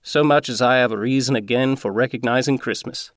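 A man reading a Christmas story aloud in a measured, earnest way. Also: mid-range voice, no echo, clean studio sound.

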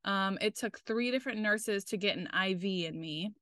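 A woman's voice: mid-range voice, normal speed, a bit bright, dry recording, studio quality. A young woman talking casually and candidly as a podcast co-host, swearing freely as she tells a personal story and quotes the people in it.

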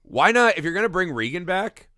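A man's voice: high-pitched, big pitch swings, fairly quick, pushed and bright, dry recording, studio quality. A man co-hosting a podcast, talking casually and profanely about a movie and acting out the lines he quotes. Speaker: podcast co-host. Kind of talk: casual movie review chat.

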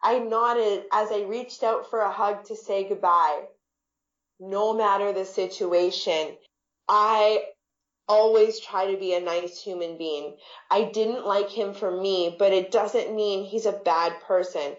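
A woman's voice: medium pitch, fairly even intonation, takes it slowly, reverberant, lo-fi sound. A woman author reading her own first-person novel aloud in a wry, lightly comic way.

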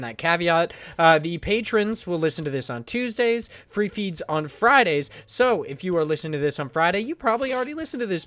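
Young male podcast co-host, high and dry voice, crude, joking chatter. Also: fairly bright tone, no room sound. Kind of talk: casual chat.

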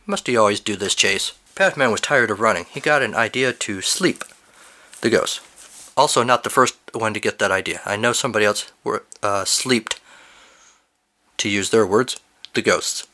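A man's voice: lowish voice, normal speed. A man hosting, reading listeners' fill-in-the-blank stories aloud and breaking off for amused asides. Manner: animated, amused asides between read lines.

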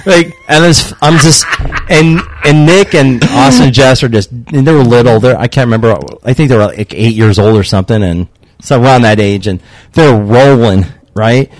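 A man's voice: mid-range voice, moderate pace. A middle-aged man, a retired cop and dad, telling rowdy family stories with lots of laughter and swearing. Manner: laughing, profane, animated storyteller. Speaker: podcast guest, retired police officer dad. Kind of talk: casual storytelling chat.

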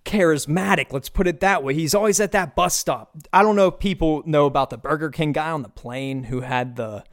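A young American man in his twenties hosting a podcast, ranting in a casual, comedic monologue, animated and profane with quick bursts of enthusiasm. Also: on the high side. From United States. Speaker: podcast host.

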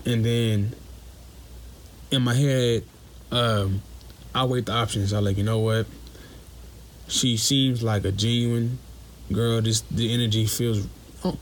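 Casting note: young male caller, lowish voice, slangy and blunt, faint noise behind. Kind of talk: telling a personal story.

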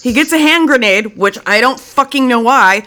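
A woman's voice: on the high side, lively intonation, normal speed, sharp tone. A young woman co-hosting a podcast, telling rowdy stories with plenty of swearing. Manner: rowdy, swears, quotes others. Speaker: podcast co-host. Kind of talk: casual chat.

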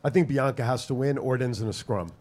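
A man hosting a wrestling podcast, agreeable and quick to laugh while he runs the segments. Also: mid-range voice, a little mellow. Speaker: podcast host. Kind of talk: casual podcast chat.

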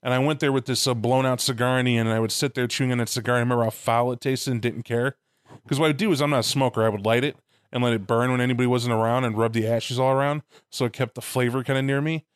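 A man co-hosting a podcast, chatting casually in a voice of everyday pitch. He tells stories with energy and swears without a second thought. The recording is dry and close, with no room sound. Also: fast, smooth, no echo. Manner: animated storyteller, swears casually. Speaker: podcast co-host. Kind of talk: casual chat.

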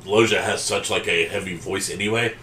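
A man's voice: low-pitched, steady tone, a little fast, pushed and bright. A man on a movie podcast, rambling casually and hedging his points. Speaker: podcast co-host. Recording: roomy sound from off-mic with faint background noise.

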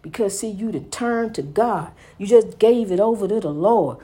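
A woman's voice: medium pitch, animated, normal speed, warm tone, husky. A woman preaching with fervor, repeating her points and calling the listener "honey". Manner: fervent, repetitive, calls listener "honey". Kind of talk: preaching, inspirational monologue.

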